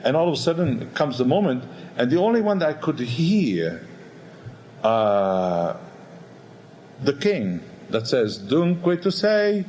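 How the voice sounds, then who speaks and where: A man, an opera baritone, telling a candid backstage story in a rambling, animated way, acting out voices and sounds. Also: slow, pauses often, a little hiss or hum, rough recording. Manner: animated, acts out quotes and sounds; rambling with many restarts and "all of a sudden". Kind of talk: candid spoken anecdote.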